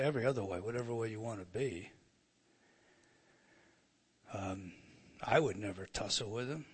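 A man's voice: mid-range voice, fairly bright tone, breathy edge. A man preaching an expository sermon, reading verses aloud and explaining them with emphatic rises and frequent restarts.

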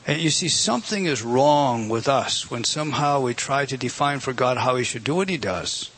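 A man's voice: mid-range voice, expressive, moderate pace, hardly any pauses, a bit bright, breathy edge. A man preaching a sermon in an earnest, emphatic way, often repeating words and addressing the congregation directly. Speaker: pastor.

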